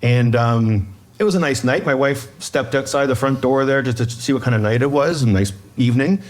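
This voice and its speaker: A man co-hosting a podcast, telling a story with lively, animated delivery and quick quoted voices. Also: medium pitch. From Canada. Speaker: podcast co-host. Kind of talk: casual chat, storytelling.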